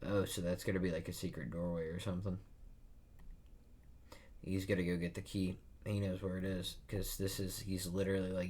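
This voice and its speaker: A young man casually reading a manga chapter aloud and reacting, excitable and often laughing. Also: low-pitched, a little fast, husky. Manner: excitable, laughs often, jumps into loud bursts.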